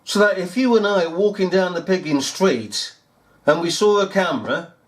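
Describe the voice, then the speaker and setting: A man's voice: sits high, lively intonation, normal speed. A man giving sarcastic, incredulous commentary over news footage, often repeating himself. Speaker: video commentator.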